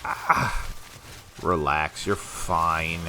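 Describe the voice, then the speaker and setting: This man's low voice keeps a steady tone, stretching his words out with a bright, forceful quality. He's a gameplay commentator doing a relaxed let's-play, talking to himself in a chatty, rambling way and laughing frequently.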